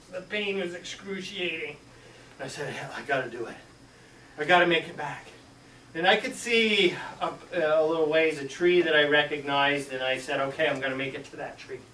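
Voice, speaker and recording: A man, a school superintendent, telling a childhood story to schoolchildren and acting out the yelps and shouts. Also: on the high side, a little hiss or hum. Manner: animated, acts out yelps and shouts. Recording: echoey room, mic far off.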